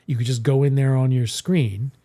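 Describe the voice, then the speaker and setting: A man giving a casual live-streamed tarot reading, talking in a soft, musing way that often trails off into whispers. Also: medium pitch, fairly even intonation, moderate pace. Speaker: tarot reader and game streamer.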